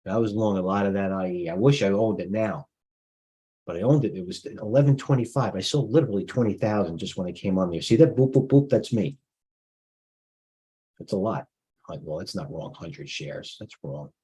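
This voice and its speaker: A man's voice: low-pitched, normal speed, warm tone, breathy edge, low-quality recording. A middle-aged man hosting a live stock market stream, commenting off the cuff with rambling asides and restarts.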